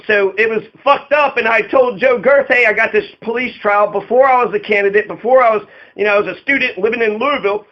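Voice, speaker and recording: High-voiced man ranting, profane and aggrieved. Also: highs cut off. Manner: profane, aggrieved, rambling with many fillers. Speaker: political candidate. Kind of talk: angry monologue about his arrests.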